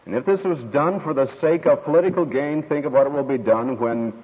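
A man's voice: a little high, a little fast. A man preaching a sermon, telling stories and acting out quoted voices as he teaches. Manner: storytelling, expressive with quoted voices. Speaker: pastor. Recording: tinny radio broadcast with long hall reverb.

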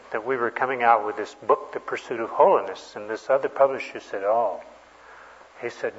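A man delivers a sermon in a hall whose long reverb trails after each phrase. His voice sits at an ordinary pitch, and the recording is slightly dull and muffled. He tells stories folksily, pausing often on fillers. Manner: folksy storytelling with many fillers. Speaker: preacher.

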